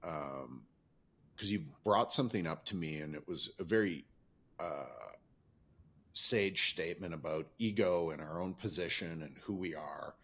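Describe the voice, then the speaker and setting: A man's voice: a bass voice, measured pace, fairly bright tone. A man in his fifties hosting a podcast, talking candidly and at length about his own life in a reflective, rambling way. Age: 50s. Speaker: podcast host. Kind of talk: reflective casual conversation.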